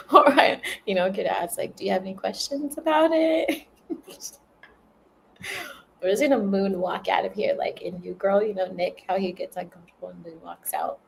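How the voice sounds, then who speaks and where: A woman's voice: lowish voice, a little slow, gravelly, pauses often, slight background noise, low-quality recording. A woman chatting casually and rambling on a livestream, laughing often as she tells stories. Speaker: spiritual content creator.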